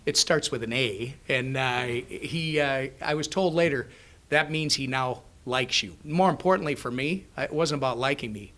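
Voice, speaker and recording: A man speaking to a business luncheon as a congressman, telling lively anecdotes and acting out the dialogue. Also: medium pitch, normal speed. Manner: animated storyteller who acts out dialogue. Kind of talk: speech with anecdotes. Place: luncheon event.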